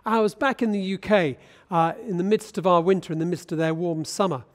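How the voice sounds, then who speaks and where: A British bishop delivers a sermon in a church, his voice sitting high for a man. He speaks in an easy, conversational way, often turning to ask his listeners questions. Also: steady tone, a little fast. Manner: conversational, asks the congregation questions. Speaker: bishop preaching.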